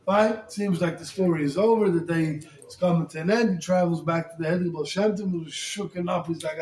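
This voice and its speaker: A rabbi tells a story as a sermon, animated and colloquial, with Hebrew and Yiddish words mixed into his speech. His voice sits high for a man. It echoes in a roomy space with a faint ambience underneath. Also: fairly quick, few pauses, slight background noise.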